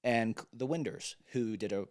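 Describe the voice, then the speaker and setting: A man's voice: medium pitch, normal speed, a little mellow, no echo, clean studio sound. A man in his thirties co-hosting a casual podcast chat, rambling and jokey, often trailing off and restarting. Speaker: podcast co-host.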